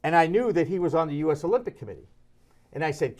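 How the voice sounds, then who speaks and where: Animated middle-aged male sports talk host. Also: fast talker. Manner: animated, jumps into high-pitched voices when quoting others. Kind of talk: casual sports talk storytelling.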